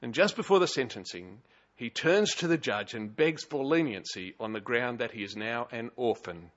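A man's voice: mid-range voice, animated, moderate pace, fairly bright tone, lo-fi sound. Australian male pastor, chatty sermon. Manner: conversational, chatty, with frequent uh fillers and wry humour. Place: church.

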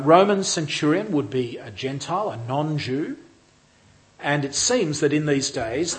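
Measured male Bible teacher, slightly high voice. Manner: measured, explanatory, with restarts. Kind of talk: lecture on a Gospel passage.

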